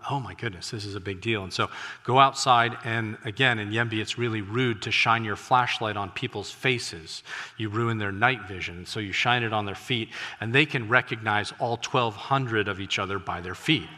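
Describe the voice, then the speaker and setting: A man preaching a sermon, a missionary telling stories from the field, animated and breaking into loud exclamations, recorded in a church sanctuary. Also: fairly low pitch, normal speed. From United States. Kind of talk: sermon with storytelling. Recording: reverberant church hall.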